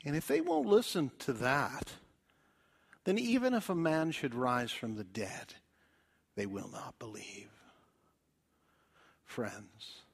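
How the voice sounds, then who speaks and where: A male preacher giving a dramatic evangelistic sermon in a church, swinging from loud appeals to hushed whispers. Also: medium pitch.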